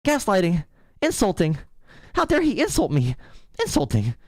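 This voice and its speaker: A man putting on a high, whiny voice to mock a self-pitying young man. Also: wildly swooping pitch, moderate pace, dry recording, studio quality, full character voice. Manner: high, complaining mockery.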